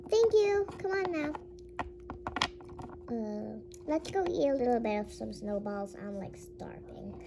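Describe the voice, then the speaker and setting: Kid voice actor, girl, high and bouncy, slow delivery, plays every toy in the scene; noisy home mic. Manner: switches between many character voices, excitable squeals. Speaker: toy play storyteller voicing all characters. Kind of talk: playful pretend play with toys.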